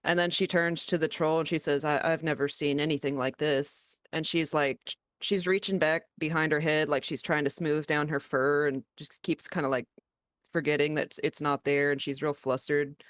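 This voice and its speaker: Player describing her character; casual and halting, smooth dry voice; she is a woman. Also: low-pitched, flat delivery, a bit bright, no room sound. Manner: casual, hesitant, with frequent restarts.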